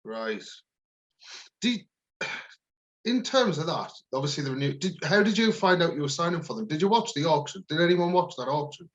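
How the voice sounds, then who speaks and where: A man's voice: fairly high pitch, animated, moderate pace. A man co-hosting a podcast in laid-back, casual chat, swearing now and then. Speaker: podcast co-host. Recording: dull lo-fi sound.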